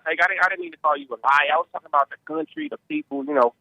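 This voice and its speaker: A man calls in with an eager, chatty manner, peppering his talk with "hey." His voice is high and gravelly with a sharp edge, and he talks fast. The sound is dry. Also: very animated, no echo, poor audio. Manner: eager, says "hey" often. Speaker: caller. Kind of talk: phone-in chat.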